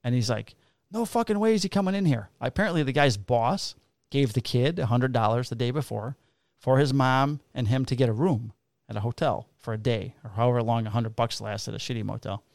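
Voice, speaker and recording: A man's voice: mid-range voice, gravelly, a little mellow, no echo. A man, a police officer casually telling profane stories and acting out the dialogue. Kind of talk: casual storytelling chat.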